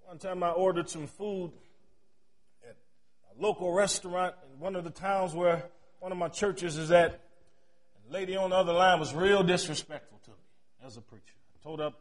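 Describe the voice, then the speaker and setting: A middle-aged male pastor giving a sermon. He tells stories in a chatty way, and his loudness swings from shouting to near murmurs. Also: high-pitched, steady tone, normal speed. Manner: storytelling, with chatty asides.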